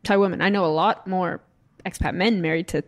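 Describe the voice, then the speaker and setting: A woman's voice: fairly low pitch, brisk. A woman guest on a podcast panel who talks animatedly and acts out what other people say. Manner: animated, acting out quoted remarks, laughing asides. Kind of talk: casual panel chat.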